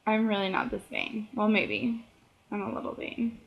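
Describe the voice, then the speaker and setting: A woman's voice: medium pitch, lively intonation, moderate pace, vocal fry, muffled recording. A tired woman in her thirties, chatting casually at home in a rambling, self-deprecating vlog. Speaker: author vlogger. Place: home, indoors.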